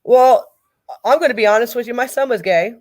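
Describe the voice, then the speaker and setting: A middle-aged woman speaking as a grieving mother in an interview, talking in a halting way and repeating herself. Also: fairly high pitch, a little mellow. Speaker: guest, mother of a victim. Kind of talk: emotional interview over a call.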